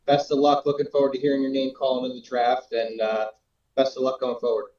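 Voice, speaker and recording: A man's voice: mid-range voice, flat delivery, fairly quick, a little mellow. A man co-hosting a casual sports chat, asking questions in an upbeat, playful way. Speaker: co-host. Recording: dull, echoey call audio.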